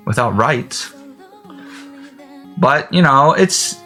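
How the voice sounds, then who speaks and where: A man who did not grow up speaking English talks loosely to his viewers, wandering from thought to thought. He giggles and laughs often, and his pitch swings up and down animatedly. Soft music sits faintly in the background. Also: lively intonation, drawn-out words. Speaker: vlogger. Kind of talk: rambling self-talk to camera.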